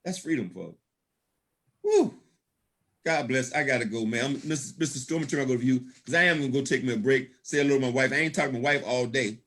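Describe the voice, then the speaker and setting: At a business opportunity event, a guest speaker gives an animated, slightly fast motivational talk built on stories. His voice sits at medium pitch with a bit of brightness, and he laughs often while calling out praise in a folksy, preacher-like manner.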